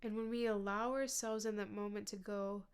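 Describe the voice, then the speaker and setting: A woman hosting a podcast, speaking in an earnest, gentle self-help monologue that sometimes sinks to a soft whisper. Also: medium pitch, fairly even intonation, moderate pace, clean tone. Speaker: podcast host.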